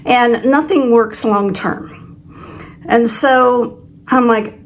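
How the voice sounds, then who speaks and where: Woman, sixties, vlog host, chatty, self-deprecating, slightly high voice. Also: extremely slow, pauses often. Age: 60s. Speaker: channel host. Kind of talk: casual vlog chat.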